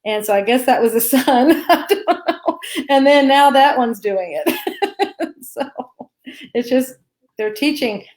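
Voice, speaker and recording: A woman's voice: high-pitched, unhurried, pauses often, darkish tone. A woman from Arkansas co-hosting a live spiritual Q&A, talking in a reassuring, chatty way and laughing often. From Arkansas, USA. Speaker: co-host. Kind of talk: live Q&A chat. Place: home.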